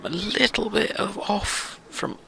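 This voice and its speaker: Bright-voiced man rambling over gameplay. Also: high-pitched, a little slow, vocal fry, poor audio. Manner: rambling, filler-heavy, self-deprecating. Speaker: let's play host. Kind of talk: casual gameplay commentary.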